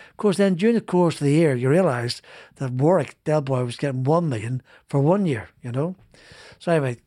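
A man's voice: a little high, a little mellow, dry recording, studio quality. A middle-aged British man, a former racing driver, telling long rambling anecdotes in a podcast interview and acting out the dialogue he quotes. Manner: rambling, many restarts, acts out quoted dialogue.

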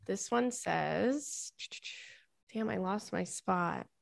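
Gravelly-voiced woman podcast host. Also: medium pitch, expressive, very slow, dry recording, studio quality. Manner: chatty, swears freely, rambling asides. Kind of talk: casual chat reading listener emails.

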